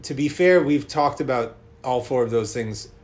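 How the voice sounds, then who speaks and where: A man co-hosting a podcast in casual chat, talkative and quick to laugh, reading out listener mail. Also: mid-range voice, expressive, very noisy. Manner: chatty, laughs easily, reads listener mail aloud. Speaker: podcast co-host.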